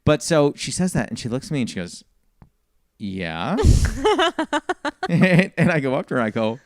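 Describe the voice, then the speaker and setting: A man's voice: fairly high pitch, fast, no room sound, clean studio sound. A man and comedian telling a long story in a casual podcast chat, acting out the people in it. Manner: animated storyteller, quotes people. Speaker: comedian guest.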